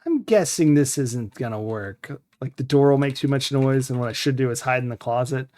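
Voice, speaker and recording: A man's voice: medium pitch, moderate pace. A young adult man casually commenting on a retro adventure game as he plays, dryly muttering to himself and reading the game's text aloud. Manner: wry, deadpan self-talk with mock-dramatic readings.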